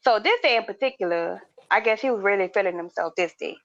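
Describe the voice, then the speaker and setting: Co-hosting a podcast, this woman tells a story in relaxed, slangy banter, voicing each character as she goes. Her mid-range voice moves at a quick pace over some background noise, and the sound is dry and a bit dull.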